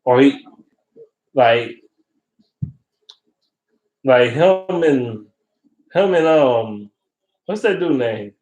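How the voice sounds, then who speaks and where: A man's voice: medium pitch, expressive, very slow, long pauses, darkish tone. Profane, ranting man in an echoey room. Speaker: vlogger. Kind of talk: casual sports rant. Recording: roomy echo.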